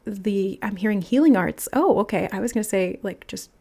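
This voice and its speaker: A woman giving an intuitive tarot reading, musing aloud in a soft, channeling manner as she relays messages. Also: mid-range voice, moderate pace. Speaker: tarot reader.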